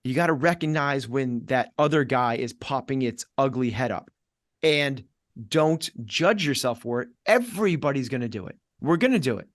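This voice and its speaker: A middle-aged man, a fitness coach talking as a podcast guest, with an energetic, punchy delivery that keeps acting out inner voices. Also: mid-range voice, normal speed, dry recording, studio quality. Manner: energetic, acts out inner voices in quoted asides. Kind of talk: podcast conversation.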